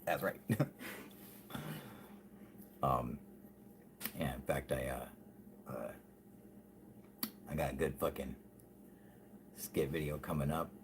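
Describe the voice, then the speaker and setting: A man's voice: extremely low pitch, fairly even intonation, takes it slowly, long pauses, noisy background. A man hosting a casual live stream, reading chat aloud, laughing often and swearing constantly.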